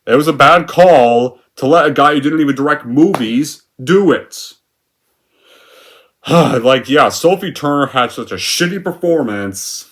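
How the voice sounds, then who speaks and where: A man's voice: fairly high pitch, lively intonation, unhurried, fairly bright tone. A young man giving a sarcastic, profane, rambling movie rant with lots of filler words. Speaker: movie reviewer.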